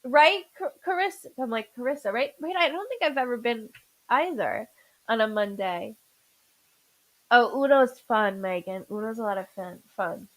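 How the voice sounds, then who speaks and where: A woman with a high voice hosts a live stream from her home. She chats loosely, repeats each viewer's name, and stumbles over her words at times. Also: normal speed, a bit bright, rough recording. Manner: chatty, repeats names, stutters. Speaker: psychic medium host.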